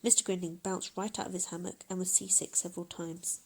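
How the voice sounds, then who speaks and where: A woman reading a children's picture book aloud in a gentle, expressive way. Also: fairly low pitch, a little fast. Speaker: storyteller. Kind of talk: children's story read-aloud.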